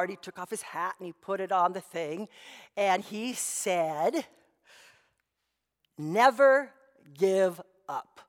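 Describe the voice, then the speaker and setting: A woman pastor tells stories in a relaxed, chatty sermon. She speaks at an ordinary pitch for a woman, neither high nor low. Her voice carries a long reverb from the church hall around her. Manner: storytelling, conversational with many asides.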